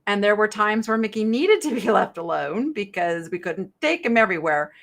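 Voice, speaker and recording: Middle-aged female live-sale host, bubbly and chatty, very animated pitch. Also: moderate pace. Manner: chatty, bubbly, reads viewer chat aloud. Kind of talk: live-stream sales chat.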